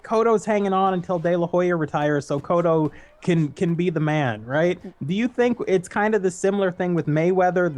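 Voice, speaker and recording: A man co-commentating on a live stream, chatting casually and telling rambling jokes. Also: fairly high pitch. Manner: joking, rambling storyteller.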